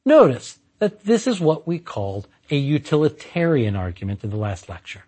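A man's voice: fairly high pitch, big pitch swings, normal speed, a little mellow, slightly rough. A man giving a scripted philosophy lecture in an emphatic way with dry humor.

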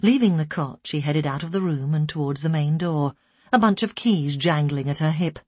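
A woman narrates a story in a slow, somber way, her voice lowish and husky. The recording is close and dry. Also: a little mellow, dry recording. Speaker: audiobook narrator. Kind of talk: scripted narration.

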